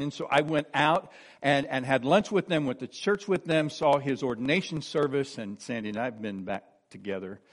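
A preacher in his sixties gives a sincere personal testimony, recounting the story with warmth. Whenever he quotes another person, he drops to a soft, low voice.

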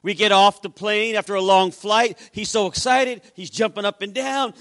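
A man's voice: sits high, fairly even intonation, moderate pace, few pauses, a bit bright, dry recording, studio quality. A male pastor preaching a sermon, telling a story and acting out the dialogue in changing voices. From Puerto Rico. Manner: acts out dialogue with shifting voices.

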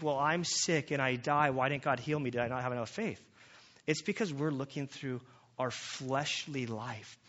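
A man's voice: medium pitch, fairly bright tone. A man in his thirties or forties, preaching a conversational sermon as a pastor and telling family stories with quoted dialogue. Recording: slightly dull lo-fi sound.

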